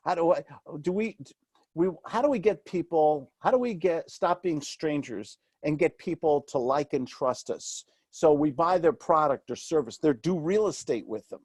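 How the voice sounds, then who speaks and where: A man's voice: a little high, moderate pace, darkish tone, husky, no room sound. A middle-aged man from New York City with a New York accent, a real estate mentor in an interview who asks himself questions and acts out what other people say. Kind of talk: animated interview talk.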